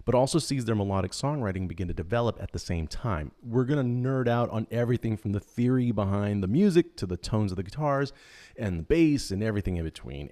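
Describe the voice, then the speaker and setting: A man's voice: on the low side, a little mellow. A man hosting a live online guitar show, upbeat and joking, with frequent ums. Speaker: host.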